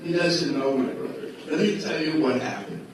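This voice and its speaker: Lively high-voiced man telling a story in an echoey hall. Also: normal speed. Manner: acts out quoted dialogue with shifting voices. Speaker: storyteller at a religious gathering. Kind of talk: animated personal storytelling. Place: large echoey hall at a school. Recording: very echoey hall, voice from far off, noisy.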